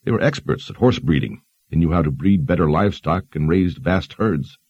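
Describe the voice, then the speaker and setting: Man reading as a learned young woman, deep dark husky voice, measured explanations, dry dull sound. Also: lively intonation, no echo, full character voice. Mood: explaining.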